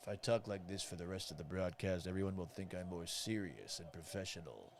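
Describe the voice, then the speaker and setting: A man's voice: low voice, voice pushed down. A man doing a grave old grandfatherly newsman. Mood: mock-serious. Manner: slow, measured, formal. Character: gentlemanly grandfather, serious newsman.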